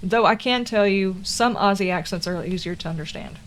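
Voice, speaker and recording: A woman's voice: mid-range voice, fairly quick, a little hiss or hum. A woman with a Southern American accent, chatting casually and rambling through tangents while streaming a game. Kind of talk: casual chat while gaming.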